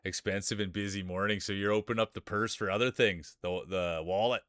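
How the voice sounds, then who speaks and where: A man's voice: fairly low pitch, fairly even intonation, brisk, a bit bright, no echo, clean studio sound. Upbeat man calling marble races. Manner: hype announcer calling names, upbeat. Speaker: streamer hosting marble races. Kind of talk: live-stream race commentary.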